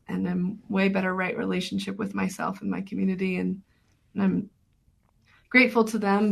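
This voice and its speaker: A woman's voice: medium pitch, gravelly. A woman documentary filmmaker being interviewed on radio, talking thoughtfully with many fillers and restarts.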